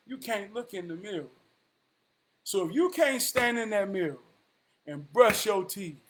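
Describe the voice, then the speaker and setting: Man, high voice, loose motivational vlog ramble, drawling. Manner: drawling, calls listener "man" often. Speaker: vlogger.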